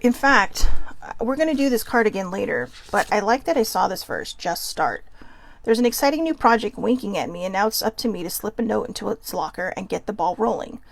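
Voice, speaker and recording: A woman with a Californian accent hosting a casual solo talk, reading cards aloud and chatting quickly, with frequent self-interruptions and an admitted nervousness. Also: medium pitch, creaky, dry recording. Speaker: host. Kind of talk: casual musing while reading oracle cards.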